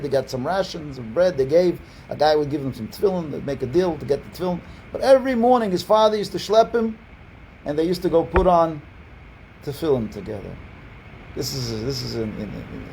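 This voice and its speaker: A man teaches as a rabbi over a video call, his voice pitched a little high but warm and mellow. He tells his story in a loose, rambling way, stumbling over and repeating words. He lifts his voice when he quotes someone, and a faint hum sits behind him. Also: creaky, rough recording. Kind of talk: storytelling lesson. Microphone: online video call.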